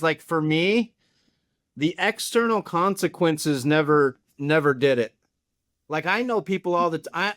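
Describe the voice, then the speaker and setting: A man with a smooth, clear voice co-hosts a podcast, asking thoughtful questions and mixing in his own story. The recording is dry and close. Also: mid-range voice, a bit bright, no echo. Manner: reflective, probing, shares his own experience. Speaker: podcast co-host. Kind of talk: conversational interview questions.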